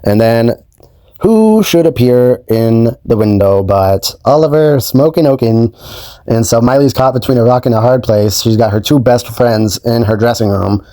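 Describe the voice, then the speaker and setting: A man's voice: mid-range voice, normal speed, dark tone, dry recording. A young adult man hosting his own channel, recapping a show in a casual way, hesitant and full of ums and you-knows. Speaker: YouTube host.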